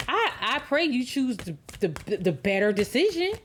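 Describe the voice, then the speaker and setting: A woman's voice: high voice, big pitch swings, moderate pace, slight background noise. A woman giving a tarot love reading in an emphatic, preachy way, repeating words for stress. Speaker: tarot reader.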